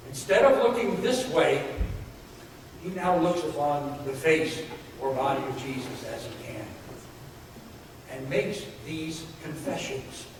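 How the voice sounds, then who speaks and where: A man's voice: a little high, expressive, slow, noisy background. A man preaching a sermon in a church, earnest, building emphasis with repeated phrases. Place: church sanctuary. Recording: echoey hall from far off.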